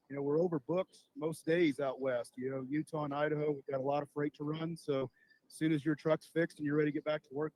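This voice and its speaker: A man's voice: on the high side, a little mellow, rough recording. A man giving an operations update from a remote terminal, earnest and informal, with frequent fillers.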